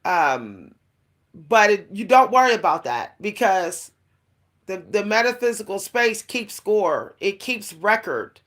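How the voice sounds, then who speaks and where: A woman's voice: medium pitch, very animated, takes it slowly, a bit bright. A woman vlogger giving a casual spiritual monologue, rambling with many fillers and restarts, laughing now and then and speaking straight to her listeners. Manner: confiding, addresses listeners directly.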